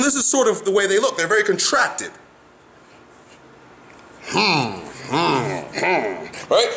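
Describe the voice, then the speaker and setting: Man, motivational vlogger, bright tone, very lively pitch, acts out what he describes. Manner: animated storyteller, acting out faces and sounds. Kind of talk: motivational talk to camera.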